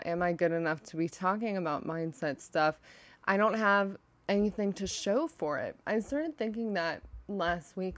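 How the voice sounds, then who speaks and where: A woman talks through a solo self-help podcast episode in a casual, heartfelt monologue. Her voice sits a little low for a woman, and she fills her sentences with "like" as she thinks aloud. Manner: earnest, heavy use of "like" as filler. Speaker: podcast host. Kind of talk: personal mindset podcast monologue.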